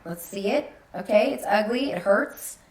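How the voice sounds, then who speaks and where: A woman's voice: medium pitch, expressive, normal speed, reverberant, low-quality recording. A woman talking candidly as a podcast guest, telling personal stories animatedly and acting out the voices she quotes. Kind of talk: candid conversational storytelling.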